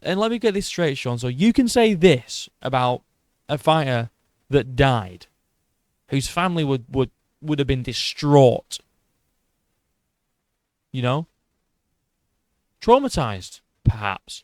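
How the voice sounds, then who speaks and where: A man's voice: medium pitch, animated, takes it slowly, long pauses, no room sound. A man ranting sarcastically in commentary, mocking and exasperated. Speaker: MMA commentator.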